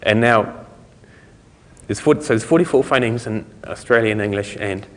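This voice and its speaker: A man's voice: on the low side, normal speed. New Zealand man talking in a reverberant hall. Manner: loose and conversational, self-correcting, chuckling. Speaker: conference speaker. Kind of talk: technical talk on speech recognition.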